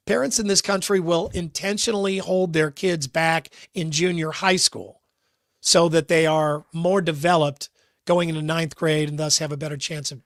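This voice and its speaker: A man's voice: fairly high pitch, fairly even intonation, unhurried, a bit bright, no echo, clean studio sound. A man co-hosting a sports talk radio show, earnest and thinking aloud, often repeating words as he works out a point. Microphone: studio microphone.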